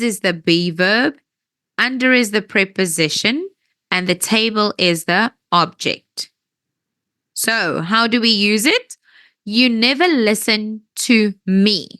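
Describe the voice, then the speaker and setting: A woman teaching an English grammar lesson, patient and checking that everyone understands, her voice tiring and needing a throat-clear now and then. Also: medium pitch, bright, forceful tone, no echo. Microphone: wears headphones.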